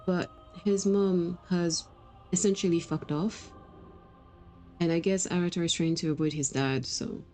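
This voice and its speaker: Chatty woman streamer with a mellow voice. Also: on the low side, steady tone, a little slow, faint music behind, low-quality recording. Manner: chatty, laughs often, rambling anecdotes. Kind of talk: casual gameplay chat.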